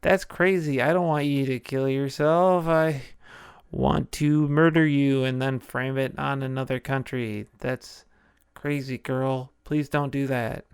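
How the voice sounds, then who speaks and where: A man's voice: mid-range voice, fairly even intonation, measured pace, clear, resonant tone, no echo, clean studio sound, natural voice. A man playing a smug scheming prince. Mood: mocking.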